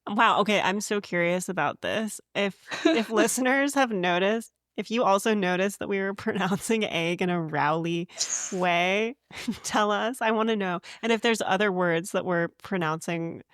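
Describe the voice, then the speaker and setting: A woman's voice: mid-range voice, normal speed, fairly bright tone, no echo, clean studio sound. A young woman from the Pacific Northwest with a light regional accent and a nasal voice, co-hosting a podcast in playful casual chat. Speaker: podcast co-host.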